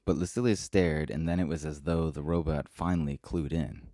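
A man narrating a story in a measured, unhurried way. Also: rumbling low, dark tone, dry recording, clean studio sound.

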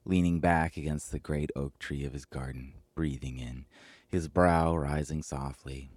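A man hosting a podcast, reading a scripted story in a slow, measured way. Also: extremely low pitch, fairly even intonation, a little mellow, no echo, studio quality. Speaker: podcast host and narrator.

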